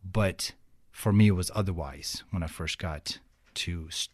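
A man's voice: deep voice, unhurried. A young man from Ukraine with a Ukrainian accent, telling stories in a casual interview and acting out the people in them. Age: young adult. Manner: animated, acts out quoted people, laughs often. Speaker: guest.

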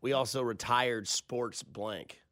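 A man's voice: mid-range voice, steady tone, takes it slowly, a bit bright, no echo. A man hosting a sports radio show, casual and jokey, on a close studio mic. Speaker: radio host.

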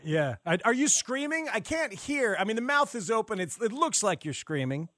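A man interviewing a ballplayer, upbeat and laughing easily. His voice sits high for a man. The sound is close and dry, with no room around it. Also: big pitch swings, sharp tone, no room sound. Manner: upbeat, laughing, quick questions. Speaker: interviewer, sports show host. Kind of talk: casual interview.

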